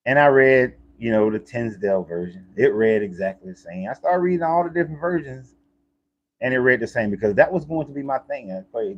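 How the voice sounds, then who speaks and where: A man's voice: medium pitch, animated, fairly quick, dull audio. A man talking in a casual, rambling monologue, often restarting and repeating himself, as a life coach.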